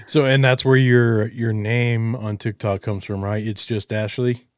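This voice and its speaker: A man interviewing a guest, encouraging and quick to react with short affirmations. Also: lowish voice, flat delivery, no room sound, clean studio sound. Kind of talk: conversational interview.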